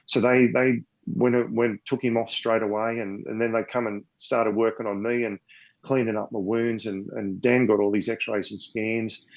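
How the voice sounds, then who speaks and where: A man's voice: fairly low pitch, little pitch movement, normal speed. An older Australian man telling a long story as a podcast guest, rambling and repeating words, sometimes emotional. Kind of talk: casual storytelling. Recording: dull lo-fi sound.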